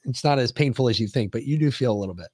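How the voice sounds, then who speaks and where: A man hosting a podcast in loose, unscripted chat, his voice sitting at an everyday middle pitch. He rambles and swears freely as he spins his stories. The sound is close and dry. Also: animated, racing, a little mellow, slightly rough, dry recording. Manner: profane, rambling storyteller. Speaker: podcast host. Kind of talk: casual chat.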